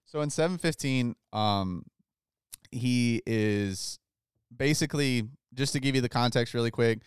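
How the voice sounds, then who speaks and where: Smooth-voiced man in casual Bible chat. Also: medium pitch, measured pace, no room sound, clean studio sound. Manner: relaxed, says "like" often, reads scripture aloud. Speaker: podcast host.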